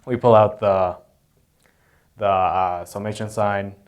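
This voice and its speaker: A man's voice: fairly low pitch, steady tone, slow pace, smooth. Hesitant man explaining math. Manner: hesitant, many fillers and self-corrections. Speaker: math tutor. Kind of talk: unscripted math lecture.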